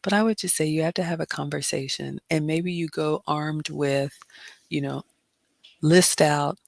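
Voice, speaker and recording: Middle-aged woman doing a chatty livestream q&a, gravelly voice, dry close sound. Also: low-pitched, steady tone, moderate pace, no room sound. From immigrant. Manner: chatty, warm advice-giving with many fillers. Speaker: livestream host. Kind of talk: casual livestream Q&A.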